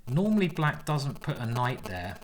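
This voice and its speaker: A man commentating his own online chess games, excitable and thinking aloud as he plays. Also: mid-range voice, moderate pace, background noise. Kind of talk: live game commentary.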